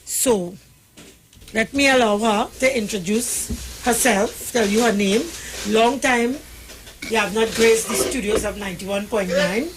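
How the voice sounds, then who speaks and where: Radio host, woman, folksy and chatty, mid-high voice. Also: unhurried, a little hiss or hum. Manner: chatty and folksy, breaks into heartfelt prayer. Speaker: radio talk show host. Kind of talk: casual radio chat. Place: radio studio.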